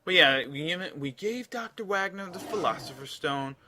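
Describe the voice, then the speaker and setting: Bright-voiced rambling let's play man. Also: on the high side, animated, normal speed, a little hiss or hum. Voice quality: rambling, chatty, frequent restarts. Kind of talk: casual game commentary.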